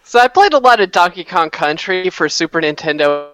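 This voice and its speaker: A man's voice: sits high, expressive, a little fast, fairly bright tone, no room sound. A man co-hosting a podcast, telling stories in wry, casual banter. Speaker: podcast co-host.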